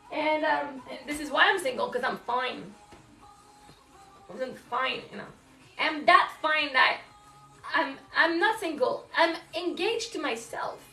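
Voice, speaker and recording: A woman's voice: high-pitched, vocal fry, bright, forceful tone, reverberant, recorded from a distance. A woman venting candidly about motherhood in casual live-stream chat while folding laundry at home, swearing and laughing often. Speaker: live streamer, single mom.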